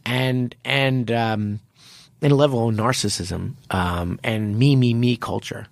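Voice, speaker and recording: Podcast host, male, gravelly voice, dry close mic, animated storyteller who restarts a lot. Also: mid-range voice, unhurried, dry recording. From United States. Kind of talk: casual podcast chat.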